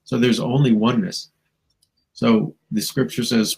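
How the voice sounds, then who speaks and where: A man's voice: medium pitch, fairly even intonation, a little slow, creaky, a little mellow, slightly rough, rough recording. A man, a spiritual teacher and guest, musing reflectively in a talk show conversation, with chuckles and playful asides.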